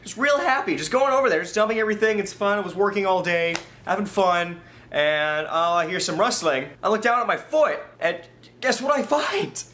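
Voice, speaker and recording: Male vlogger, comic storyteller; slightly high voice, very lively and exaggerated delivery. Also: normal speed, a little hiss or hum. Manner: animated and exaggerated, swings from low mumbles to excited high bursts.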